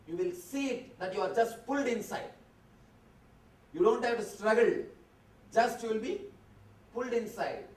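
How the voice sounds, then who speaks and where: A high-pitched man leads a guided meditation, speaking in slow, short, calm phrases. His voice rings around a roomy hall. The mic sits at a distance, with faint ambience underneath. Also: a little hiss or hum. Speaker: spiritual teacher. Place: convention hall.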